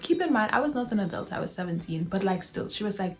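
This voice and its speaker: A woman's voice: medium pitch, animated, fast. Chatty young woman telling a story. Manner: chatty, addresses viewers as y'all, laughs often. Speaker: vlogger. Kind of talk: casual storytime vlog.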